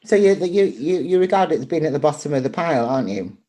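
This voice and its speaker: A woman's voice: deep voice, quick pace. An older woman from Manchester with a Manchester accent, telling personal stories in an interview and acting out the voices in them. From Manchester, England. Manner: lively, acts out voices in her anecdotes. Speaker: poet and performer, interviewee.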